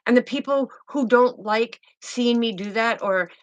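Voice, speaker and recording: A woman's voice: on the high side, measured pace, dry recording, lo-fi sound. A woman speaking as a spiritual healer, fervent and insistent, who repeats her key phrases and speaks bluntly. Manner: blunt, swears now and then. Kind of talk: emphatic spiritual monologue.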